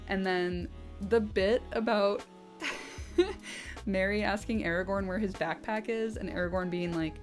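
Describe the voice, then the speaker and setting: Woman, casual book commentary, chatty, sweary, laughs a lot, mid-pitched voice, faint background music. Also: fairly even intonation, a little slow. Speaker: host.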